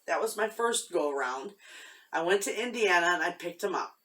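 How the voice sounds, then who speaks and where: A woman's voice: fairly low pitch, animated, normal speed, fairly bright tone, recorded from a distance. A woman vlogging from her homestead, telling a story in a heartfelt, rambling way with many restarts. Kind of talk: casual chat to camera.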